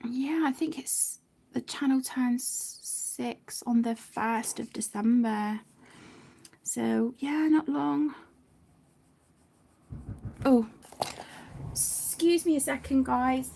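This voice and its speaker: A woman hosts a relaxed colouring live stream, talking slowly in a soft, mellow voice with a gravelly edge. She chats to her viewers with lots of fillers and restarts, and often sinks to a near whisper. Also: sits high. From United Kingdom. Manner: chatty, warm-hearted, many fillers and restarts. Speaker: colouring channel host. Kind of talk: casual live-stream chat while colouring.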